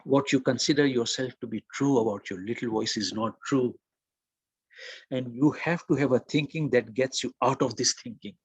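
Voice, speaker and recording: A man's voice: medium pitch, moderate pace, breathy edge, no echo. A man hosting a motivational webinar, speaking earnestly, repeating words and asking the audience questions. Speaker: webinar host and coach.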